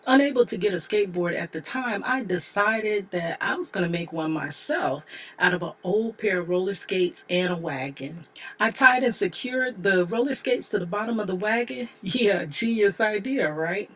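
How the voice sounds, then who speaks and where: A woman's voice: mid-range voice, expressive, moderate pace, fairly bright tone, slightly rough. A woman in her forties reading her own memoir aloud as an audiobook, telling it candidly with chatty asides to the listener. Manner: candid storytelling, conversational asides. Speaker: memoir author and narrator.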